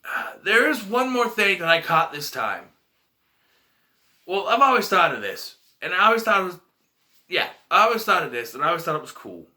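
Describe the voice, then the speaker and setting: A man's voice: high-pitched, big pitch swings, moderate pace, sharp tone. A man casually reviewing a movie in a vlog, retelling scenes in a rambling, emotional way.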